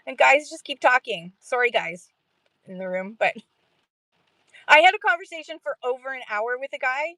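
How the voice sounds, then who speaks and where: Woman, mid-pitched, chatty stream host, rambling and self-mocking, dry recording. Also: lively intonation, normal speed, sharp tone, no echo. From Canada. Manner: chatty, rambling, self-deprecating, laughs often. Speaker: livestream host for sellers. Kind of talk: casual livestream chat.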